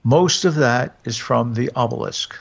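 A man's voice: mid-range voice, a little slow, vocal fry, husky. A man reading the lines of a recording angel who speaks offhandedly while reading from his book. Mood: offhand. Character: dry careless recording angel, male. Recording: dull lo-fi recording.

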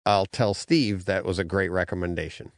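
A man hosting a podcast in casual chat, animated and quick to laugh, often trailing off into fillers. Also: deep voice, no room sound, studio quality. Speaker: podcast host.

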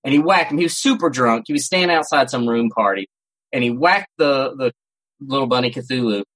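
A man's voice: medium pitch, lively intonation, a little fast, a bit bright, low-quality recording. A man co-hosting a casual podcast, telling stories in a rambling way with frequent restarts. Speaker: podcast co-host. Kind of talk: casual chat. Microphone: home setup, cat nearby.

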